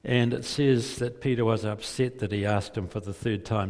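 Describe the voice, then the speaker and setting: Lowish and steady, with a darkish tone, a man's voice moves a little fast with few pauses as he preaches. He vividly narrates a gospel story and poses rhetorical questions to listeners, echoing through long hall reverb.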